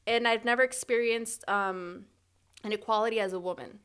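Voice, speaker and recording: A young woman from Chicago, an actor guest on a podcast, talking in a chatty, animated way full of "like". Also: fairly high pitch, normal speed, clear, resonant tone. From Chicago, United States. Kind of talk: casual interview chat.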